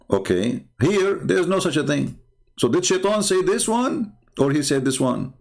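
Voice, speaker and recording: Gravelly man arguing on a livestream. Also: on the high side, sing-song, a little slow, darkish tone. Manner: argumentative, repeats rhetorical questions, frequent filler. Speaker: online show host. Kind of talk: livestream commentary on religious texts.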